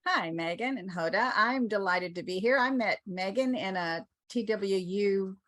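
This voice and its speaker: A woman's voice: mid-range voice, measured pace, fairly bright tone, no room sound. A woman who teaches English as a second language, introducing herself in a friendly way as a panelist on a video call. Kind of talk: online panel discussion.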